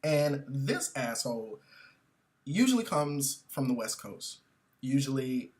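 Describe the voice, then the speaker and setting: Profane, animated male comic ranting. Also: mid-range voice. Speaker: comedian. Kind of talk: comedic storytelling rant.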